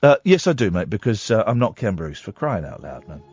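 A man's voice: lowish voice, sing-song, brisk, a little mellow, breathy edge, dry recording, faint music behind. A man hosting a radio show, chatting in a sarcastic, self-mocking, jokey way from the studio. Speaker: radio host. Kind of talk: late-night radio chat.

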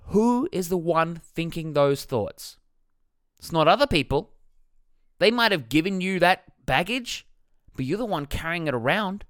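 A man's voice: a little high, lively intonation, a little slow, fairly bright tone, no echo, clean studio sound. A man talking as a life coach in a motivational self-help talk, blunt and jokey, swearing freely.

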